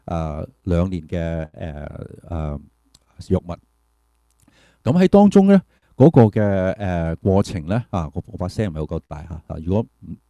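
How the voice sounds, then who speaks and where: A man's voice: deep voice, dark tone, no echo. A man, a pastor giving an earnest, reflective testimony talk with hesitant fillers. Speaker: pastor and keynote speaker.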